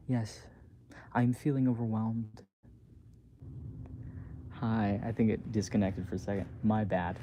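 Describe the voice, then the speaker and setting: A man reading his own book aloud as a bedtime story, softly and haltingly, with small slips. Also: on the low side, fairly even intonation, a little hiss or hum.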